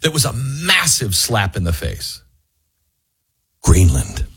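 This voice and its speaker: A man hosting talk radio, his husky voice swinging widely in pitch as he argues his point. He is close and dry on a studio mic. His delivery is emphatic and combative, and it drops to a hush and then comes back loud. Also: wildly swooping pitch, no room sound. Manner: emphatic, argumentative, shifts quickly between loud and hushed. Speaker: radio talk show host. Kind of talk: political talk radio commentary.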